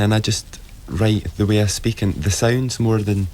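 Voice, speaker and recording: A man with a Lanarkshire accent, a writer on a radio panel, slow and modest. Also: lowish voice, fairly even intonation, dark tone.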